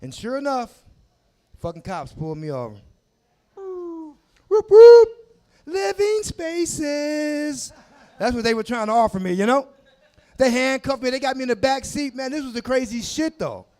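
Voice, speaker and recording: A man in his forties doing a crude, animated stand-up set on a comedy club stage, shouting his punchlines into a handheld mic. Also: very high-pitched, moderate pace. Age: 40s. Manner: loud, crude, animated storytelling with shouted asides.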